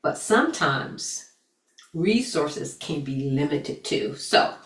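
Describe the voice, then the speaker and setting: A woman with a low, unhurried voice gives an earnest motivational talk on self-care, repeating phrases for emphasis. She sounds set back from the mic in an echoey room. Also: big pitch swings, far from the mic. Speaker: self-care coach and academy founder.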